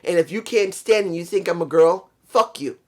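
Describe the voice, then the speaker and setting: A man's voice: high voice, normal speed, darkish tone. A man giving a casual, opinionated review monologue. He rants bluntly, swears freely, and has a worn voice he calls messed up. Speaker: show reviewer.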